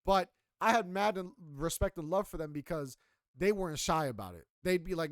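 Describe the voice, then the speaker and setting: Young male podcast co-host, casual and profane storyteller, voice sits a bit high, dry sound. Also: normal speed, no echo. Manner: animated, profane, emphatic storytelling.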